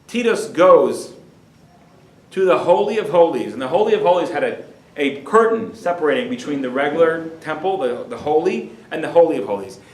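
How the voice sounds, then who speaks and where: A man's voice: on the high side, big pitch swings, moderate pace. A man, a rabbi, delivering a dramatic storytelling lecture in a lecture hall. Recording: roomy hall echo.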